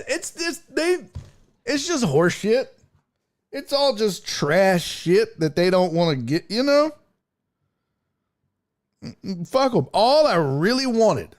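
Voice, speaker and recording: Stream host, male, profane and exasperated, mimics people mockingly, slightly high and very lively. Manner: slips into mocking voices for quotes. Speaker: show host. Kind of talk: casual live-stream rant.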